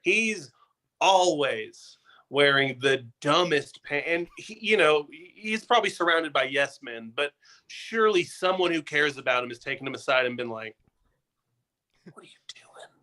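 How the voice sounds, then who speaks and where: A man's voice: on the high side, expressive, normal speed, pushed and bright, rough recording. A man as a guest on a casual talk show, making dry jokes and wild exaggerations. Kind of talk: casual chat.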